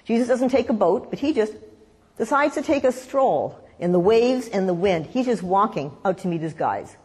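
A woman preaching a sermon, telling a story in a lively way and acting out the voices in it. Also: mid-range voice, normal speed, slightly rough. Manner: animated storytelling, acts out voices in quotes. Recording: long hall reverb.

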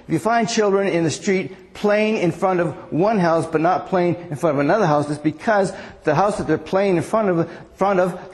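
A man's voice: on the high side, a little mellow, big-room sound. A man preaching a sermon in a rambling, conversational way, often asking the audience questions.

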